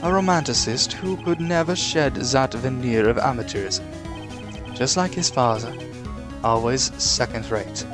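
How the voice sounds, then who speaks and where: A man's voice: medium pitch, unhurried, lightly acted. A man voicing an arrogant older male prosecutor in a game, with a put-on German accent and a haughty, contemptuous manner. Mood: disdainful. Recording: game music behind.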